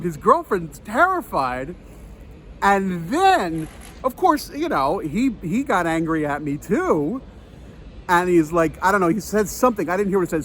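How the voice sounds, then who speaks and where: Hombre animado contando una anécdota exasperada. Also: male voice, sits high, breathy edge. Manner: animated, exasperated, self-interrupting. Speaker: storyteller. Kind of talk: casual storytelling vlog. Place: outdoors near a train line.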